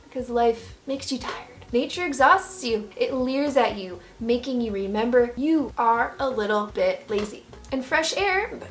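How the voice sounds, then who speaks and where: A woman's voice: fairly high pitch, animated, a little slow, few pauses. An American woman vlogging with sarcastic, mock-serious humor. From United States. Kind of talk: comedic vlog monologue.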